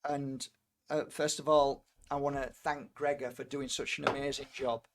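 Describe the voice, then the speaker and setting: Over background noise, a middle-aged British man speaks in a flat, mid-range voice at normal speed. An energy healer and tarot reader, he tells a rambling personal story with lots of fillers and restarts.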